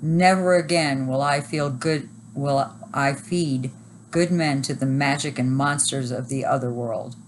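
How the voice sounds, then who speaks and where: Lady reading doing a stern king, firm n steady. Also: very deep voice, measured pace, slight background noise, low-quality recording. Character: proud, stern legendary king.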